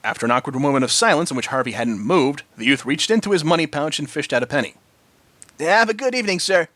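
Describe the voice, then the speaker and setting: A man's voice: medium pitch, expressive, quick pace, a bit bright, no echo. A man reading a story aloud, narrating expressively. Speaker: story reader.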